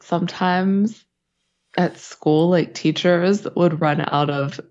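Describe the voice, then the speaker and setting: A woman co-hosting a podcast, husky and stuffed up from a sinus infection, chatting casually, swearing and laughing often. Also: on the low side, slow pace, darkish tone. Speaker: podcast co-host. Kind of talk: casual chat. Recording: dull lo-fi sound.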